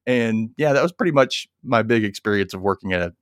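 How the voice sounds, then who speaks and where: A man's voice: fairly low pitch, lively intonation, quick pace, clean tone, dry recording, studio quality. A young adult man telling a story in casual chat, acting out the quoted voices and laughing as he goes. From Memphis area.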